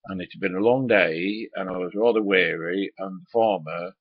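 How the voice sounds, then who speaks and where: A low, husky-voiced Englishman rambles through an old story from his trucking days. He drops in casual swearing and plenty of hesitations. The sound is dry and a little dull, as if recorded on a lo-fi mic. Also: normal speed, no room sound. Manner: swears casually, many ums and asides. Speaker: former truck driver. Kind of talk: rambling spoken anecdote.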